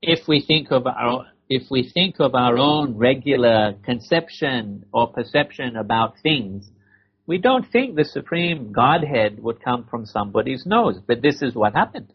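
A man giving a spiritual lecture in short measured phrases with rhetorical questions, pausing for an interpreter, on a dull lo-fi recording. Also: mid-range voice, lively intonation, breathy edge.

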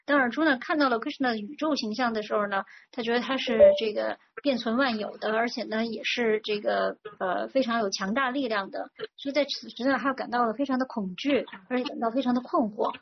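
A woman's voice: on the high side, a little fast, creaky, few pauses. A woman interpreting a religious talk phrase by phrase, fluent but with frequent fillers. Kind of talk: consecutive interpreting of a sermon. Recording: dull lo-fi recording with faint noise.

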